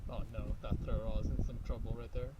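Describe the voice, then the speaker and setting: A man's voice: medium pitch, little pitch movement, a little fast, muffled recording, very noisy. A man playing a video game with friends, teasing his opponent and swearing in casual banter. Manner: teasing, swearing, trash talk. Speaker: player.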